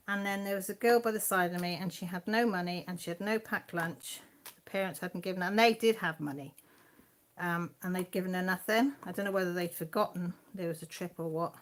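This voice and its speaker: A woman with an English accent hosting a casual live chat from home, rambling and quick to laugh. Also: mid-range voice. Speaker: craft channel host.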